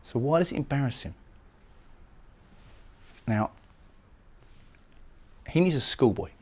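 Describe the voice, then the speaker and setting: A man's voice: mid-range voice, lively intonation, slow pace, darkish tone, breathy edge. A man giving a recorded poetry lecture, explaining lines of a poem and often repeating words as he goes. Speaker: literature lecturer.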